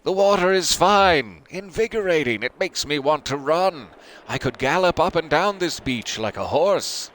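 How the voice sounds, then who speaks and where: A man voicing a tipsy, exuberant male character in a narrative video game who yells across a beach. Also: fairly high pitch, moderate pace, hardly any pauses, voice pushed up. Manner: loud, yelling exuberantly. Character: jolly man drinking, keen to gallop.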